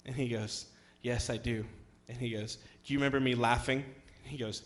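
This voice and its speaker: A young man preaching to a church congregation as youth pastor. His voice sits at an ordinary middle pitch, and he tells stories casually, full of ums and restarts. At times he swells into loud, emphatic declarations. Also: steady tone, moderate pace. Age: young adult. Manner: conversational, many fillers, rises to loud emphatic passages. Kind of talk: sermon with storytelling.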